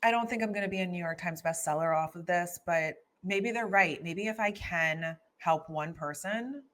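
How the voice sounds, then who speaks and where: Low-voiced woman telling her story. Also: normal speed, fairly bright tone, slight background noise. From Philadelphia, USA. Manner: earnest, storytelling, frequent restarts. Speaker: guest author. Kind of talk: candid personal conversation.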